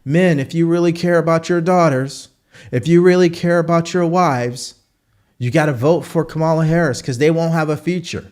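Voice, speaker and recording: A man's voice: a little high, normal speed, a little mellow. Man hosting heated political commentary. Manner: rhetorical, repeats questions for emphasis.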